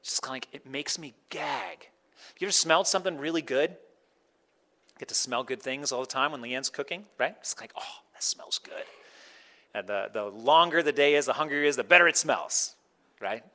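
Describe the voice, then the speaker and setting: Bright-voiced preacher, playful and animated. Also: male voice, mid-range voice, a little fast. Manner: conversational, acts out quoted voices. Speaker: pastor. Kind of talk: sermon.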